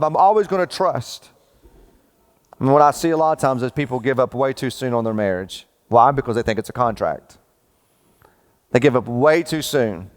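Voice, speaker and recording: A middle-aged male pastor preaches in a conversational, emphatic style, his voice swinging between loud rising peaks and slow, low stresses. He keeps repeating "watch this" and calls his listeners bro.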